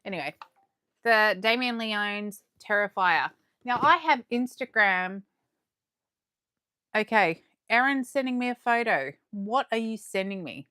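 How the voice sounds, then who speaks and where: A young adult Australian woman hosting a live unboxing, chatting warmly and gushing as she reads comments aloud. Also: medium pitch, animated, measured pace, clear, resonant tone, no echo, studio quality. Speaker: livestream host.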